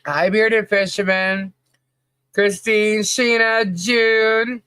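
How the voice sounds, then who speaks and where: A woman's voice: lowish voice, unhurried, a bit bright, no room sound. A woman co-hosting a casual livestream podcast, chatty, laughing often and greeting viewers by name. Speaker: podcast co-host.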